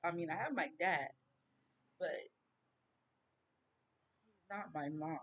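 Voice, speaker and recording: Woman, vlog rant, slow and halting, close to crying. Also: deep voice, a bit bright. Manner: slow, halting, tearful grief. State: near tears. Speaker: vlogger. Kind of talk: personal rant to camera.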